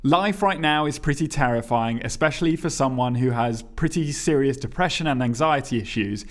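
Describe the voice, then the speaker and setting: A man co-hosting a podcast, reading listener emails aloud in casual chat, often laughing, with his pitch jumping around. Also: normal speed. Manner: chatty and laughing, reads emails aloud with lively pitch jumps. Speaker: podcast co-host.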